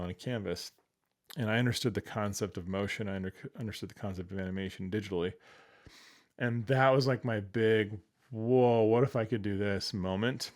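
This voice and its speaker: A man in his forties with a fairly low voice tells stories in a relaxed interview. He acts out quoted lines, jumping up in pitch and loudness, then drops back to an easy conversational tone. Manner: animated, acts out quoted voices with sudden jumps in pitch and volume. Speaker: guest. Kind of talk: casual interview storytelling.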